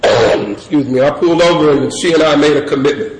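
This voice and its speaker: Rambling male storyteller in echoey hall. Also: fast talker. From California. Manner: loose rambling storyteller, many fillers, breaks into high laughing voice. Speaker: speaker sharing recovery story. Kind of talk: storytelling talk to a crowd. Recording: echoey room with crowd noise.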